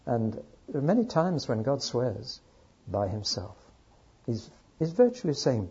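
A man teaching through a Bible book to an audience, telling the story earnestly and dropping into quiet asides. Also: medium pitch, very animated, moderate pace, vocal fry, slightly rough, muffled recording.

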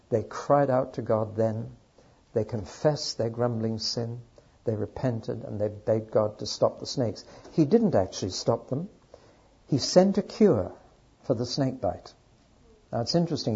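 A man teaching through a Bible book to an audience, telling the story earnestly and dropping into quiet asides. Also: medium pitch, breathy edge, muffled recording.

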